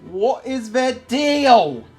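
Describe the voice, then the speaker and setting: A man voicing an indignant fourteen-year-old princess who gets shrill and exasperated. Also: huge pitch swings, extremely slow, darkish tone, soft background music, full character voice.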